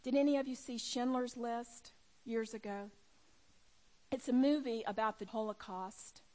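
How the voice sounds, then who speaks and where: A middle-aged woman preaching a sermon to women, impassioned, dropping to a hush and then rising loud. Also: a little high, steady tone, unhurried. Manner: impassioned, swings from hushed to loud. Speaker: women's ministry speaker.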